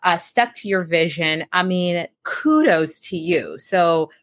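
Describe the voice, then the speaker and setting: A woman's voice: fairly low pitch, takes it slowly. A woman hosting an interview, affirming and encouraging her guest. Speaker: podcast interviewer.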